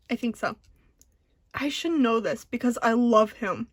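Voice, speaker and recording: A young woman vlogger telling a convention story in a casual, excitable, giggly way, jittery from caffeine. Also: fairly high pitch, normal speed, dry recording. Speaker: diamond painting vlogger.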